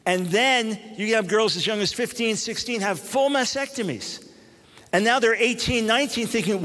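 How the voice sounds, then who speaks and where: A man, a Christian radio host, telling a story in an animated public talk, often restarting his phrases. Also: high voice, moderate pace, big-room sound.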